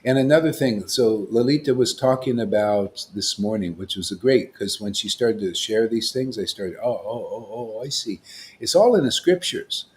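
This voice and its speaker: A man leads an informal spiritual talk in a fairly low voice. He rambles from point to point and keeps checking in with his listeners. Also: animated, moderate pace, hardly any pauses, a little hiss or hum. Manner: rambling, peppered with "see?" and "you know". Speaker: spiritual teacher.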